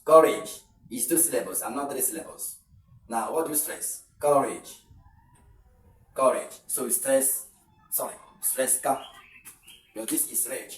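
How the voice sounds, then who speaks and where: A man with a Nigerian English accent teaching pronunciation in an online lesson. He explains slowly and repeats words, drawing them out. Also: fairly high pitch, a bit bright. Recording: echoey room, voice a bit far from the mic.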